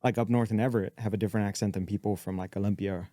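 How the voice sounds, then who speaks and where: A man from San Antonio with a Texan accent, co-hosting a comedy podcast and throwing in quick jokes. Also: fairly low pitch, steady tone, mellow, no echo, studio quality. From San Antonio, Texas. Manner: quick joking interjections. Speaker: podcast co-host. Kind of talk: casual comedic chat.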